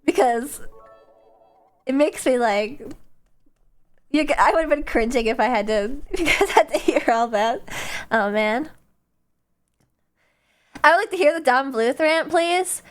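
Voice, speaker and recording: A woman's voice: high voice, lively intonation, a little slow, long pauses. A woman from the Midwest streaming, chatting casually and rambling with many fillers and giggles. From American Midwest. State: coughing after choking on water. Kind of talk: casual livestream chat.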